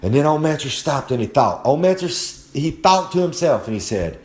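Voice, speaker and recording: A man's voice: fairly high pitch, sing-song, moderate pace, hardly any pauses, darkish tone. A brash man with a drawl, delivering a wrestling promo monologue and talking about himself in the third person. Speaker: wrestling podcast segment guest.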